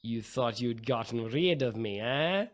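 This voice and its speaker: A man narrating as game master of a tabletop game, pausing often with ums as he describes scenes. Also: medium pitch, lively intonation. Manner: halting narration with frequent ums.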